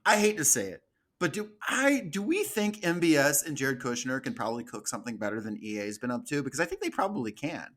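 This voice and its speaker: A man's voice: mid-range voice, big pitch swings, fast talker, a bit bright. A man hosting a podcast in casual chat, joking and laughing at his own jokes. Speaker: podcast host.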